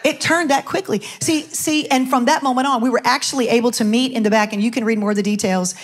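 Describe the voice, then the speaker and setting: A middle-aged woman pastor giving a testimony from a church stage, telling her story in an animated way and acting out the voices of the people in it. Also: a little high, quick pace. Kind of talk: sermon testimony.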